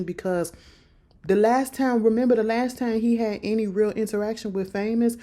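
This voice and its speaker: A woman talks through a TV episode like she's gossiping with a friend. Her voice sits at an ordinary middle pitch, and she keeps it animated and slangy, jumping into the characters' lines as she goes. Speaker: TV episode recapper. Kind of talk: casual recap of a TV episode.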